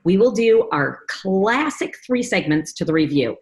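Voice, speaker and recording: An upbeat woman hosts a panel show over a video call. She introduces guests and runs segments in a chatty, friendly manner. Her voice sits at a middling pitch for a woman. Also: big pitch swings, a little slow, darkish tone. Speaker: host and executive producer. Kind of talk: hosting a panel talk show.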